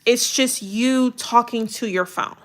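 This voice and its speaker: A woman with a slightly high voice talks slowly as she coaches content creators through a livestream video critique. She is direct, colloquial and animated.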